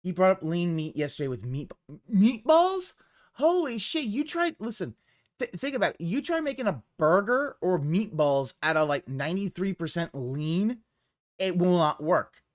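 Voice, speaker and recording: A man's voice: fairly high pitch, moderate pace. A man streaming live and commenting casually, rambling and swearing as he reacts to a clip. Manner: rambling, profane, animated.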